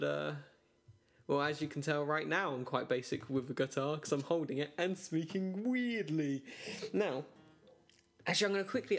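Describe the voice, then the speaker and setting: Rambling, joking male podcast host, slightly high voice. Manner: rambling, joking, self-mocking, laughs often. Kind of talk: casual solo podcast chat. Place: his own bedroom.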